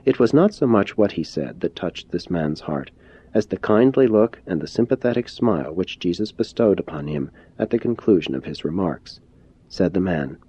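A man narrates a scripted audiobook in a steady, formal manner. His voice is very deep and husky. The recording is muffled and lo-fi. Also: moderate pace, no room sound. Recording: dull lo-fi recording.

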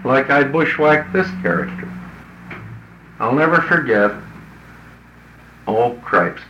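A man's voice: medium pitch, background noise. A man who works as a business consultant tells a story to an audience in a folksy, blunt, colloquial way. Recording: roomy, dull lo-fi recording.

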